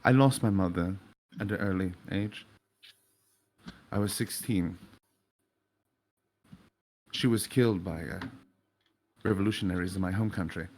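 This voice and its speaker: A man voicing a calm, gentle young man who speaks softly and consolingly. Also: low-pitched, a little hiss or hum. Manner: soft, slow and consoling.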